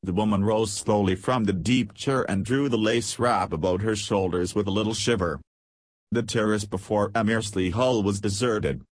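A man reading a period novel aloud as an audiobook narrator, in a measured, even storytelling manner. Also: on the low side, no echo. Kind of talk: scripted narration.

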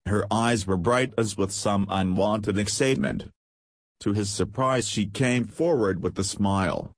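Male audiobook narrator, low voice, dry close recording, measured pace. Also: no echo. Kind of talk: scripted narration.

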